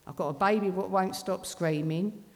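Speaking at a moderate pace in a fairly low, slightly mellow voice, this middle-aged woman tells her recovery story bluntly and with plenty of swearing. Her speech is working-class London, and the recording carries the long reverb of a hall.

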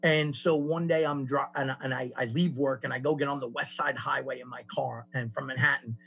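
A man sharing his recovery story with a group, telling it in an animated way with many restarts. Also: mid-range voice, a little fast, creaky, husky. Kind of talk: personal testimony to a group.

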